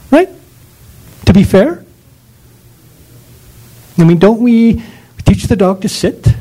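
A man's voice: high-pitched, dark tone, breathy edge, low-quality recording. A man lecturing on dog training in an emphatic, ranting way, full of rhetorical questions.

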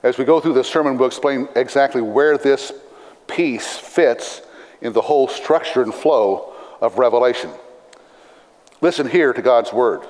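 A pastor giving a sermon, reading scripture in a measured, deliberate way with dry asides. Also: male voice, mid-range voice, a little mellow. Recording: long reverb of a large hall.

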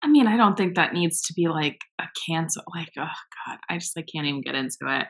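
A young woman in casual chat, blunt and sarcastic, who says she talks fast and runs her words together. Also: low voice, expressive. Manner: blunt, sarcastic, swears freely.

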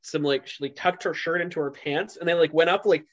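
A man's voice: fairly high pitch, steady tone, fairly quick. A man co-hosting a podcast in a casual chat, rambling with lots of fillers and restarts. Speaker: podcast co-host. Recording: dull lo-fi sound.

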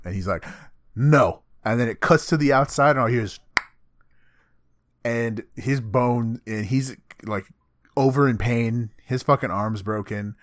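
A man in the middle of his range, excitedly retelling an anime fight and slipping into the characters' voices as he goes. He swears freely and talks in a loose, chatty way. The sound is dry and close, with no room around it. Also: medium pitch, moderate pace, dry recording. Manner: animated retelling, swears often, acts out characters' lines. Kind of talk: casual anime recap chat.

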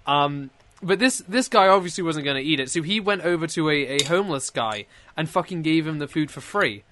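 A young man in a casual online group chat, animated and swearing, laughing often. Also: fairly high pitch, a little fast, slight background noise. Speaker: friend in chat. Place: online voice call.

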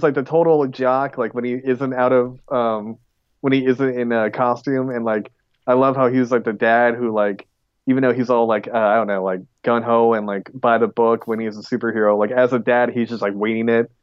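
A man's voice: medium pitch, fairly even intonation, normal speed, clear, resonant tone, dry recording, muffled recording. A man co-hosting a podcast in casual chat, rambling with lots of "like" and restarts. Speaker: podcast co-host.

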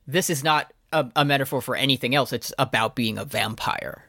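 A man's voice: mid-range voice, a little fast, vocal fry, sharp tone, no echo. A man riffing in loose, jokey banter as a podcast co-host, rambling from one silly idea to the next. His voice is close and dry, with no room sound around it. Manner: joking, rambling, goofy. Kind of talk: casual chat.

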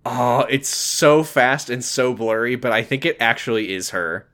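A man's voice: mid-range voice, unhurried, a bit bright. A man co-hosting a podcast, recapping a TV episode with dry, teasing humor. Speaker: podcast co-host. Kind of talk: casual comedic TV episode recap.

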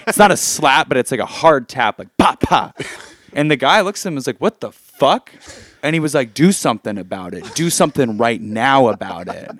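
A man's voice: medium pitch, fairly bright tone, no echo, clean studio sound. A man telling a story casually among friends, laughing often and swearing freely.

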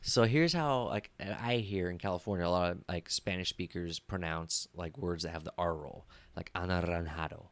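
A man's voice: sits low, normal speed, few pauses. A man co-hosting a casual comedy podcast, loose and joking, often laughing between lines. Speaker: podcast co-host. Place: California.

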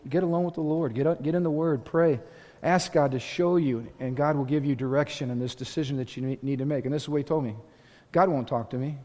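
A man preaching a sermon as pastor, impassioned and rising to loud exhortation. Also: a little high, quick pace. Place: church sanctuary. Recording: long hall reverb.

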